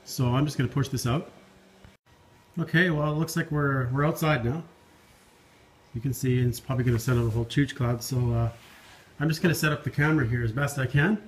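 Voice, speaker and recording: A man's voice: medium pitch, a little fast, long pauses, husky. A man filming a casual garage vlog, talking while he works on an old car, jokey and self-deprecating. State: out of breath. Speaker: car hobbyist vlogger. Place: home garage and driveway.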